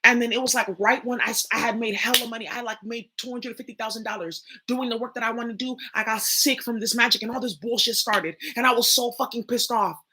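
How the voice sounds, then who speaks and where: A young woman speaks bluntly and profanely, addressing her viewers head-on in a loose spoken monologue. Her voice sits a little high and sounds bright and sharp. A husky edge runs through it. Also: steady tone, quick pace, hardly any pauses. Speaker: spiritual reader and channel host.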